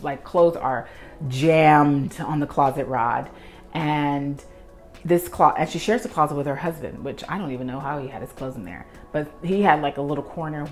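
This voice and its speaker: Her voice is low-pitched. She's a young woman who organizes professionally, and in this vlog she tidies as she tells an animated story, playing out her own earlier reactions.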